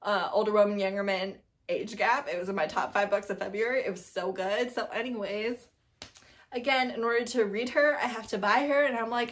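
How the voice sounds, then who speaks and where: A woman's voice: medium pitch, a little fast. A woman book vlogger in casual chat, rambling and chatty with lots of asides and emphatic bursts.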